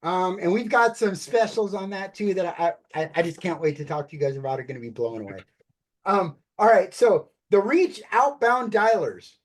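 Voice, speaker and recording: Brief: male presenter, upbeat pitch voice, talks straight to the team, video-call sound. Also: normal speed. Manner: upbeat, keeps addressing listeners as "you guys". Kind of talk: enthusiastic sales pitch.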